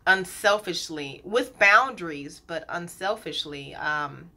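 A woman in her thirties talking to her viewers in a candid, chatty vlog, pausing often with fillers. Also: on the low side, expressive, pushed and bright. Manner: chatty, candid, gets emotional, many fillers. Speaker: colon hydrotherapist and business owner.

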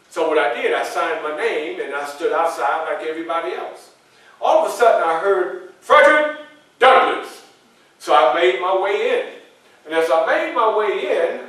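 Guy playing an old-time abolitionist telling his story to the room, slightly high voice, super echoey and far away. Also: close to an everyday voice. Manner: addresses the audience directly, animated storytelling. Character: dignified 19th-century male abolitionist, earnest and proud. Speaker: historical reenactor. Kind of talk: first-person historical portrayal for a live audience. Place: library event room.

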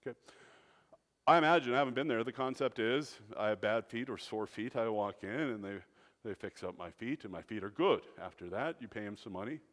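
A man preaching a sermon as pastor, dramatic, swinging between loud, emphatic phrases and hushed, low ones. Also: brisk. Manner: dramatic preaching with wide swings in loudness and pitch. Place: church sanctuary. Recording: long church reverb.

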